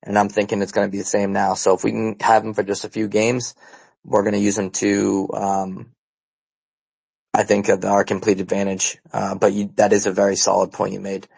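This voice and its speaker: Gravelly low-voiced male podcast host. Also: completely flat delivery, fairly quick, darkish tone, poor audio. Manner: laid-back, joking, bro-ish banter. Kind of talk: casual fan podcast chat.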